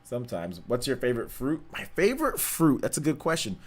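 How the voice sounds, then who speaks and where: A young man hosting a gaming livestream. He chats casually, reads out donations and viewer questions, and repeats himself in relaxed slang. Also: medium pitch, brisk. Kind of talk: casual live-stream chat, reading donations and chat.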